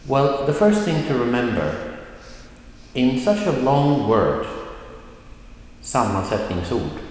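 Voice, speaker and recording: A man teaching a Swedish pronunciation video lesson at a whiteboard, explaining slowly and patiently and drawing out example words. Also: mid-range voice. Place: classroom with whiteboard. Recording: roomy, echoey room with long reverb and faint noise.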